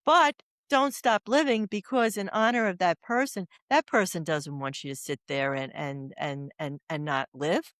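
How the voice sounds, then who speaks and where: A woman's voice: on the low side, moderate pace, hardly any pauses, fairly bright tone, dry recording, clean studio sound. An older woman, an oncology doula, talking as a guest on a podcast. She wanders through stories and anecdotes in a casual, earnest way. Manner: rambling, anecdotal storyteller.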